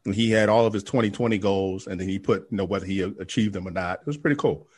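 A man's voice: deep voice, fast, a little mellow, husky. A man co-hosting a casual golf podcast, rambling with many fillers and restarts. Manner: rambling, hesitant, lots of fillers.

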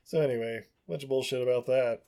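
A man recapping a movie casually as a podcast co-host, rambling and halting with many fillers. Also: mid-range voice, steady tone, warm tone.

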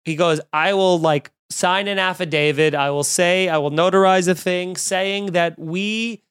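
Animated man telling a rant, smooth dry voice. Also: high voice, measured pace, no echo. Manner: animated, swearing, acts out both sides of phone calls. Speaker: storyteller. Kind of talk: casual storytelling rant.

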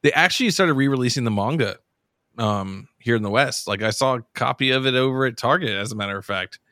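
A man's voice: quick pace, no room sound, clean studio sound. A man co-hosting a podcast, chatting casually and rambling with many restarts. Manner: rambling, restarts, goes high when excited. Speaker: podcast co-host. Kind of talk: casual chat.

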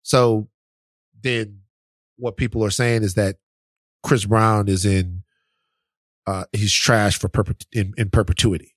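A man's voice: on the low side, unhurried, long pauses, dry recording. A man co-hosting a podcast, talking casually and teasing his co-host in disbelief. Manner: animated, incredulous teasing.

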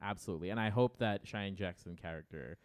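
A man's voice: low voice, fast talker. Chatty man co-hosting, stammering restarts. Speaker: podcast co-host. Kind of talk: casual chat.

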